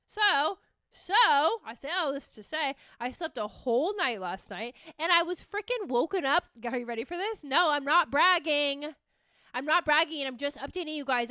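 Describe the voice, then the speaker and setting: A young woman hosting a podcast alone, talking in a rambling, animated, self-mocking way with plenty of swearing. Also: high-pitched, moderate pace, dry recording, clean studio sound. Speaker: podcast host. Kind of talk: casual solo chat.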